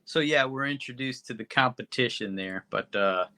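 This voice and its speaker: A man's voice: medium pitch, moderate pace, sharp tone. A man co-hosting a podcast, recapping a movie plot in a laid-back, casual way. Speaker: podcast co-host. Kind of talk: casual movie review chat.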